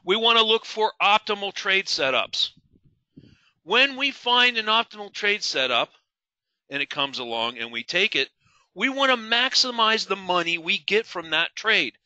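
Middle-aged male webinar instructor, fairly high and very bright voice, emphatic and questioning. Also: lively intonation, unhurried, no echo. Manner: asks the audience questions, emphatic, repeats key words. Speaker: trading instructor. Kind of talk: live webinar teaching.

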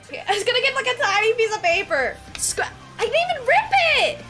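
A woman's voice: very high-pitched, big pitch swings, fast talker, hardly any pauses. A woman streamer chatting casually to her viewers, cursing and often breaking into laughter. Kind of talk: casual livestream chat. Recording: music playing in background.

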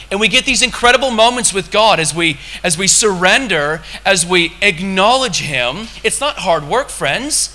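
Bright-voiced, impassioned man preaching. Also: high voice, lively intonation, moderate pace, hardly any pauses. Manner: impassioned, conversational preaching with sudden loud bursts. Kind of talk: sermon.

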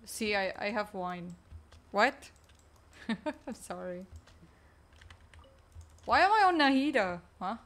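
A woman streaming a game, chatting casually with teammates in a low, weak, energy-saving way. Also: very animated, takes it slowly, long pauses, fairly bright tone. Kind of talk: casual live-stream chat while gaming.

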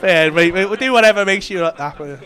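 A man's voice: sits high, fairly quick. A man doing stand-up crowd work, teasing and swearing with laughing banter. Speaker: stand-up comedian. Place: comedy club stage. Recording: live club with loud crowd. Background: audience laughter.

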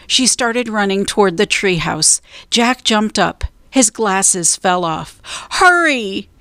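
A woman storyteller reading a children's book aloud, slow, clear and deliberate. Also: medium pitch, fairly bright tone, no echo.

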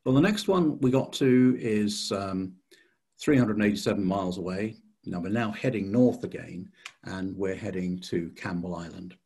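Gravelly low-voiced man giving a talk. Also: moderate pace, darkish tone. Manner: hesitant, many fillers and restarts. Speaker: society chairman giving a talk. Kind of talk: illustrated slide talk.

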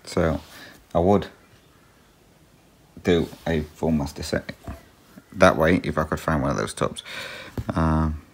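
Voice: rumbling low, fairly even intonation, takes it slowly, long pauses, husky. A cross-stitch vlogger in a casual chat, answering viewer questions in a rambling way with many ums and little laughs. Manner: talks to a pet between answers.

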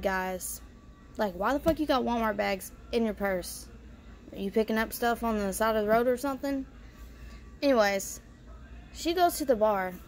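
A woman's voice: mid-range voice, slight background noise. A woman vlogger telling a family story in casual style, bluntly and with free swearing. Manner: blunt, swears freely, lots of "you know" fillers.

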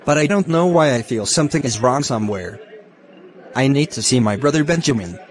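A man voicing a wealthy, secretly wicked uncle in a Christian cartoon, speaking in a bossy, scornful way with a husky voice. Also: medium pitch, lively intonation, brisk, over music, natural voice. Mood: concerned. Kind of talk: Christian animation voice acting.

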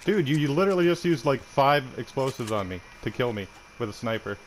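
A man's voice: medium pitch, lively intonation, fairly quick, a little hiss or hum. A young Canadian man trash-talking another player during an online game, mocking and swearing. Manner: taunting, profane, mocking. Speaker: gamer streamer.

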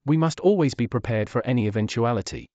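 A man's voice: medium pitch, fast talker, darkish tone, no room sound, muffled recording, natural voice. A man voicing Zul'jin, a stern male orc warrior who gives solemn counsel.

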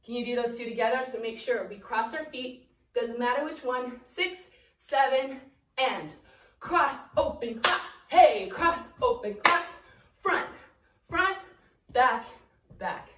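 Young woman dance teacher, high voice, slow and upbeat counts, a bit breathless, distant camera mic in a roomy echoey space. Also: animated, fairly bright tone, a little hiss or hum. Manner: cheerful, counts beats and calls out steps while dancing. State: slightly out of breath. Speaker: dance instructor. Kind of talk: dance lesson for children. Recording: echoey room, voice from afar.

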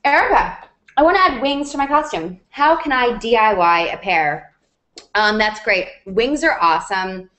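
A woman's voice: a little high, expressive, normal speed, fairly bright tone. A woman hosting a DIY show over a video call, answering viewer questions in a chatty, upbeat way with lots of asides. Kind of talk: casual chat. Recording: roomy echo on a video call.

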